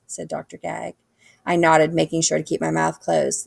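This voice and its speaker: A woman reads a children's book aloud in a lively, animated way. Her voice sits low with a gravelly texture, and the recording is dry and close. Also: normal speed, no room sound. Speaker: reader.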